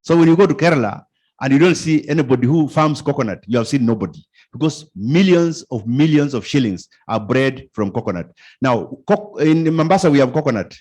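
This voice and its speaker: A middle-aged Kenyan man gives an informal conference talk, animatedly quizzing the audience and repeating his points and phrases. His mid-range voice is slightly rough and moves a little fast.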